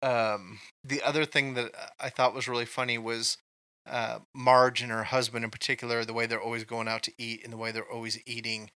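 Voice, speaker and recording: Give me a male podcast co-host from Kansas, anecdotal and rambling, with a very bright voice. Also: medium pitch, little pitch movement, fairly quick, no echo. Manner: rambling, anecdotal, many ums and uhs. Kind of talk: casual movie review chat.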